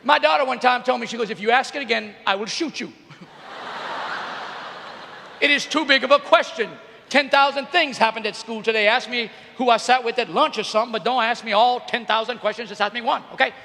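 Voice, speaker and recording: A middle-aged man tells funny stories to teenagers in a huge arena, and his voice sits very high with a gravelly edge. He gets animated and shouts often. A long arena echo trails every line. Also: fast, a little hiss or hum. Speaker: youth speaker. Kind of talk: comedic motivational talk to teens. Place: large arena.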